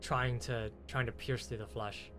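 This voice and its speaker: A man's voice: medium pitch, little pitch movement, music in the background. Man narrating a tabletop game. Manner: halting, restarting descriptive narration. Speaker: game master.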